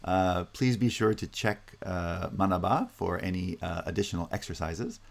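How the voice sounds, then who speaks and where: Low gravelly guy lecturing on linguistics, goes step by step, lots of uhs. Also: expressive, normal speed. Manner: methodical, explains step by step; frequent "uh" fillers. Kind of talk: university lecture.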